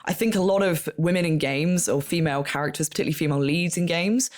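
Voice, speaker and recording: A woman's voice: low voice, fast talker, a little mellow. Enthusiastic woman guest. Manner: enthusiastic, laughs often, many fillers. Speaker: podcast guest. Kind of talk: casual chat.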